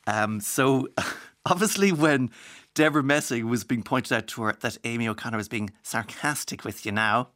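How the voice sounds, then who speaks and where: A man's voice: mid-range voice, normal speed, a bit bright. A man from Ireland hosting a radio show, chatting wryly and slipping into mock accents now and then. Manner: chatty, wry, mimics accents. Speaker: radio host. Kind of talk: casual radio chat.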